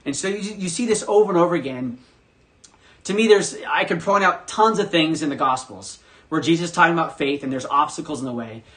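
A man preaches to his congregation with a somewhat high voice. He talks animatedly and breaks into loud, punchy bursts whenever he acts out the voices he quotes. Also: a little fast. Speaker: pastor. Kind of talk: sermon.

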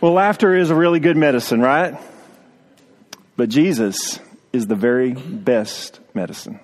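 A man's voice: medium pitch, unhurried, in a large hall, slight background noise. A male pastor preaching a sermon in an earnest way, often repeating words as he goes.

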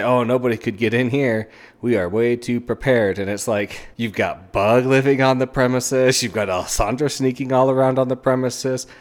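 A man with a fairly low voice talks through a book on his podcast in a loose, rambling way. He gets animated and keeps slipping into the characters' lines as he recaps them. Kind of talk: casual solo book review.

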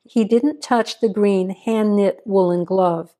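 A woman reading a crime story aloud in steady, even scripted narration. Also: mid-range voice, slow pace.

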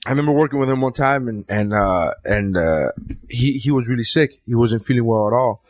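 A man's voice: medium pitch, animated, a little fast, dry recording, clean studio sound. A man who is a stand-up comedian, chatting casually in a rambling, profane way and often restarting his sentences. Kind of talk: casual chat.

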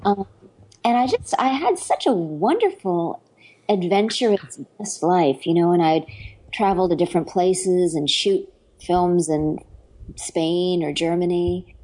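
A middle-aged actress and dialect coach gives a casual interview in a lowish, warm, expressive voice at an unhurried pace. She rambles enthusiastically, with many fillers and restarts, and the recording quality is low.

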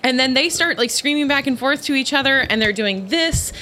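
A woman telling a story in casual chat, animated and laughing as she acts out the people in it. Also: sits high, brisk, noisy background.

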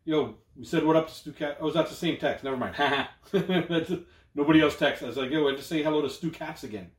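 A Canadian man rambles through a casual podcast chat, swearing freely and slinging slang. His voice sits a little high for a man. The room around him rings with echo. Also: brisk. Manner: loose, profane storytelling with slang. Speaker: podcast co-host.

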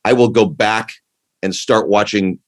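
A man with a lowish voice chatting casually. He rambles and restarts his sentences, warmly enthusiastic as he goes. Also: steady tone, measured pace. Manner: rambling, self-interrupting, enthusiastic. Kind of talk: casual chat.

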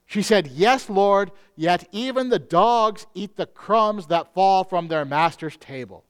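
A male pastor preaching a sermon in an earnest manner, slowing down on key phrases. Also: high voice, animated, clean tone.

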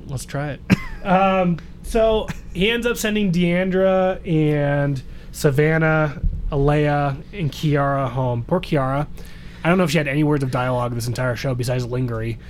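A man's voice: fairly high pitch, moderate pace, a little hiss or hum. A man co-hosting a podcast, recapping a dating show in a joking, rambling way. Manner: joking, rambling, playful impressions. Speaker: podcast co-host. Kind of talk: casual recap chat.

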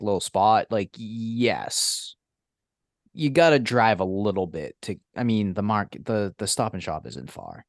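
A man's voice: on the low side, dry recording, studio quality. A young man, co-hosting a casual podcast, telling stories profanely and acting out exasperated quotes. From Massachusetts. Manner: animated, profane storytelling with mock-incredulous quotes. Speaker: podcast co-host. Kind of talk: casual chat.

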